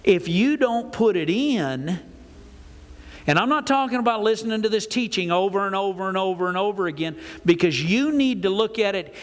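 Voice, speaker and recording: Older pastor preaching, echoey sanctuary. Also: male voice, sits high, moderate pace. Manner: folksy, animated preaching with acted-out asides. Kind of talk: sermon. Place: church sanctuary. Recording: reverberant church hall.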